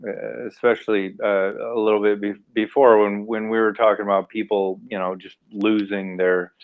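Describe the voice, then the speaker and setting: An American man speaking as a panelist in a casual live discussion, animated and acting out little scenarios as he talks. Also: on the low side, normal speed, no room sound. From United States. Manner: animated, acts out mock scenarios, laughs. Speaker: AMA panelist. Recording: tinny phone-like line, dry.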